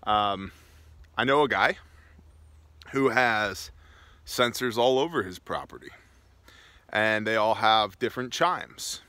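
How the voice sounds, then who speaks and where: Joking man with a bright voice. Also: lowish voice, expressive, slow, pauses often, no echo. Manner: joking, self-mocking asides. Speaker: host. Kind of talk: casual solo vlog talk. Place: outdoors on rural land.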